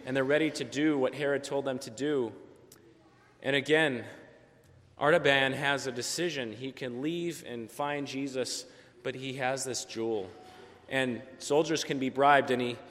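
Pastor telling a story in a reverberant church. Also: male voice, medium pitch, fairly bright tone. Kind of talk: sermon storytelling.

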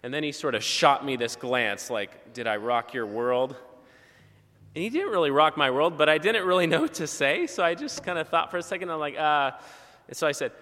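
A man's voice: a little high, sing-song, fairly quick, bright, forceful tone, long reverb tail. A male pastor giving a conversational sermon with personal stories and casual asides. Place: church sanctuary.

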